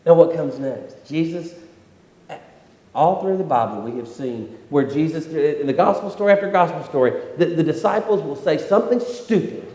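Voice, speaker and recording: Male pastor, a bit high-voiced, casual repetitive preaching, roomy sanctuary. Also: moderate pace, dark tone. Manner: conversational preaching with repetitions and acted-out quotes. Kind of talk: sermon. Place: church sanctuary. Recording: echoey church hall.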